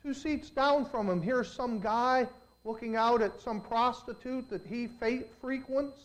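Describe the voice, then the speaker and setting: A pastor delivering a sermon in a mid-range voice, neither high nor low. The delivery swings between hushed, slow reflective passages and loud, climbing emphasis. Quoted people are acted out in lowered voices. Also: poor audio. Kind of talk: preaching a sermon.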